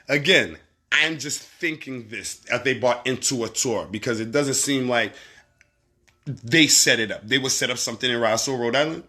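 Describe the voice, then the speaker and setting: A man with a Barbadian accent hosting a casual livestream, reading viewer comments and giving shout-outs in a laid-back, profane, laughing way. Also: mid-range voice. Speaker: livestream host.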